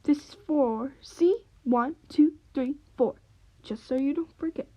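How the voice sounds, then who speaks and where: A woman voicing a tired, kindly old male owl who teaches young animals, soft and weary. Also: sits high, takes it slowly, poor audio. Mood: weary gentle.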